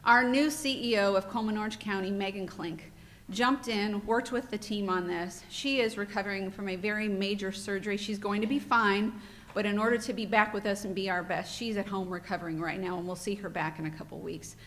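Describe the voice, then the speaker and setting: A woman's voice: medium pitch, fairly even intonation, brisk, a little hiss or hum. Woman giving heartfelt conference welcome. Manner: warm, heartfelt, a bit off-script and emotional. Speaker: board president giving welcome remarks. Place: hotel conference room.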